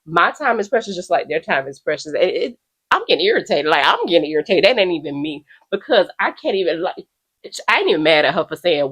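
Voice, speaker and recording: A woman's voice: lowish voice, sing-song, quick pace, a bit bright, breathy edge. A woman hosting a commentary video from her room at home, talking bluntly and with exasperation in slangy casual speech. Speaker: host reacting to stories.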